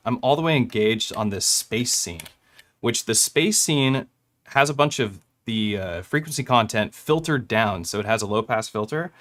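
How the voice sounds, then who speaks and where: A young man of medium pitch and fairly bright tone demonstrates his gear, talking casually through how he made a track. The explanation rambles a bit, with small laughs as he corrects himself.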